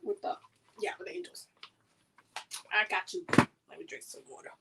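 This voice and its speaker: A woman's voice: medium pitch, big pitch swings, normal speed, creaky, heavy background noise. A woman hosting a live oracle card reading, talking in a loose, slangy, chatty way with lots of fillers and repeated words. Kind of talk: casual livestream chat during card pulls.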